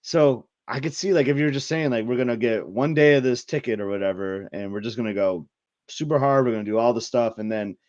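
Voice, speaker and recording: Male podcast co-host, relaxed and chatty; muffled lo-fi remote mic with a dry sound. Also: medium pitch, a little fast, no echo. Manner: easygoing, lots of "like" fillers. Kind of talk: casual chat. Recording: dull lo-fi mic.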